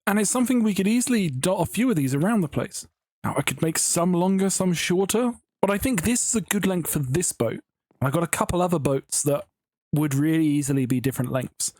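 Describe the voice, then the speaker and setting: High-pitched and a little mellow, this man talks a little fast with lively intonation, recorded at studio quality with no room sound. He's a Minecraft builder on YouTube, chatting casually at home and giggling through rambling stories.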